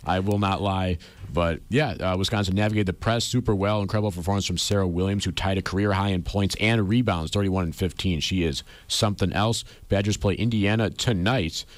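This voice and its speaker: A man's voice: low voice, fairly even intonation, brisk, no echo. A young man co-hosting a casual sports chat show, chatty and enthusiastic. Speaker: co-host.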